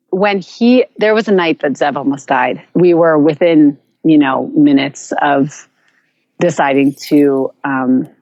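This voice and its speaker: Earnest woman with a lowish voice. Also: darkish tone, no room sound, highs cut off. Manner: earnest, reflective, halting with restarts. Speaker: podcast guest. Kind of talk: personal storytelling in a conversation.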